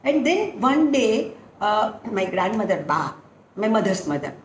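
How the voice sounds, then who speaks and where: An older woman, a dance guru, speaks unhurriedly in a mid-range voice, animatedly recounting stories from her own training and acting out what her teachers told her. It's a reminiscing interview recorded in an echoey room with faint noise.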